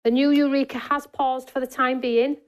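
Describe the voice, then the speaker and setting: A woman's voice: high voice, little pitch movement, moderate pace. A woman hosting a live craft demonstration in a studio, chatting to her viewers and answering their comments as she works. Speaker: craft show host.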